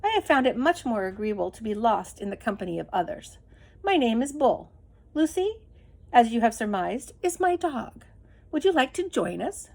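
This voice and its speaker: A woman's voice: on the high side, big pitch swings, moderate pace, gravelly, darkish tone, heavily acted. A woman reading aloud and voicing an enormous bearded man who speaks kindly and coaxingly to his dog. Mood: gentle, coaxing. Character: enormous bearded gentle male drifter.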